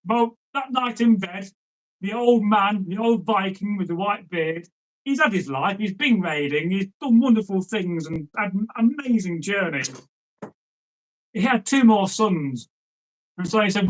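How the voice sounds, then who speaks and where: A man tells an old folk tale in a loose, conversational way. He wanders off into asides and then picks the thread back up, and his voice sits fairly high for a man. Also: animated, unhurried, poor audio. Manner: chatty, digressive, with asides to the listener. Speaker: storyteller. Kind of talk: casual folk-tale storytelling.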